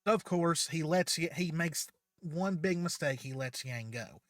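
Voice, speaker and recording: A man's voice: fairly high pitch, expressive, a little slow, dry recording, studio quality. A man hosting his channel, casually retelling a fan story with many fillers.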